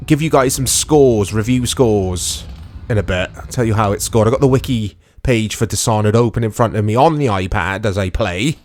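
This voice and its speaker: A man's voice: lowish voice, normal speed, darkish tone, faint music behind. A British man hosting a gaming channel, giving casual, rambling, self-deprecating commentary while he plays. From United Kingdom. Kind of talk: casual let's-play commentary.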